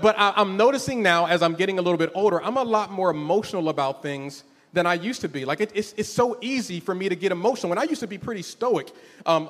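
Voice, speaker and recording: A man's voice: high voice, fairly bright tone, in a large hall. A man in his forties preaching a conversational, emotional sermon in a church, often repeating words as he starts a thought. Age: 40s. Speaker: pastor.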